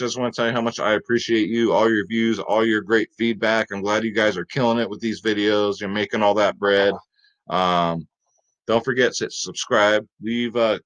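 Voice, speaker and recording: A man's voice: on the low side, fairly bright tone, low-quality recording. A man hosting a fantasy sports picks video, talking in a hyped, chatty, salesy way.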